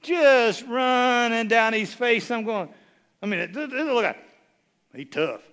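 A man's voice: extremely high pitch, expressive, measured pace, fairly bright tone, clear, resonant tone. A man preaching a sermon as a bishop, folksy and humorous, telling stories that build to emphatic bursts.

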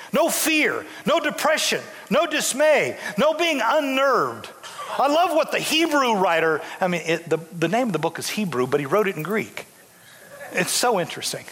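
A man in his sixties preaching a sermon as pastor, animated and full of restarts. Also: sits high, long reverb tail. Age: 60s. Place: church sanctuary.

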